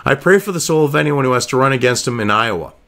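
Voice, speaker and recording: A man's voice: medium pitch, animated, quick pace, fairly bright tone. A man giving profane political commentary, ranting sarcastically and reading news excerpts aloud between crude asides.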